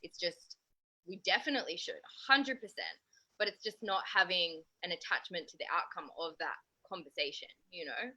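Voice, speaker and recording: A woman talks earnestly in a relaxed chat, her voice sitting a little low with a bright, forceful edge. She speaks openly about feelings. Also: moderate pace, poor audio. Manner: earnest, talks about self-growth with laughs and swearing. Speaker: host. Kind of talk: casual chat.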